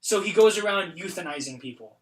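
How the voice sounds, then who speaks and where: A man's voice: high voice, a little fast. A young man hosting a podcast, retelling scenes with lots of fillers in casual chat. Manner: animated retelling, many fillers. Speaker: podcast host. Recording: roomy echo.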